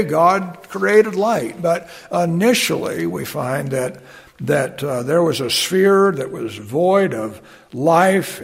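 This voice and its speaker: A man preaching a sermon as a pastor, unhurried, with fillers and folksy asides as he reads scripture aloud. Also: a little high, gravelly, breathy edge.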